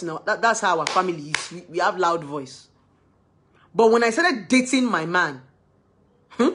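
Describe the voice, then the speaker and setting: Emphatic husky-voiced woman giving advice. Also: fairly low pitch, lively intonation, fairly quick. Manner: emphatic, swinging between loud exclamations and soft asides. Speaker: relationship advice vlogger. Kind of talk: casual monologue to camera.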